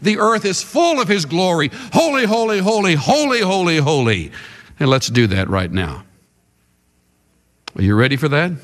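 A man's voice: a little high, fairly bright tone, big-room sound. A man preaching a sermon with dramatic delivery, leading his congregation to answer back in call-and-response.

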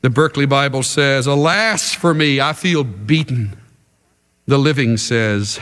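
A man's voice: medium pitch, unhurried, fairly bright tone, long reverb tail. A man preaching a sermon with dramatic delivery, leading his congregation to answer back in call-and-response.

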